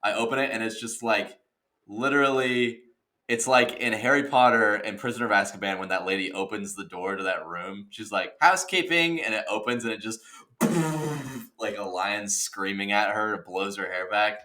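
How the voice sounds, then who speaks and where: A man in his twenties co-hosting a podcast, telling stories in a casual, excitable way with laughter and exaggeration. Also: on the low side, normal speed. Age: 20s. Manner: excitable, exaggerated retelling with laughter and mild cursing. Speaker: podcast co-host. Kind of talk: casual chat, animated storytelling.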